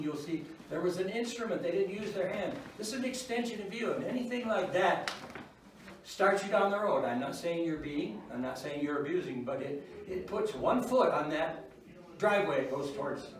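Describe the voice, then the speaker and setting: At a normal speed and a pitch on the high side, the older man teaches his informal church parenting class with slight background noise behind him. Folksy and wry, he chuckles at the stories he tells. The mic is distant in an echoey room.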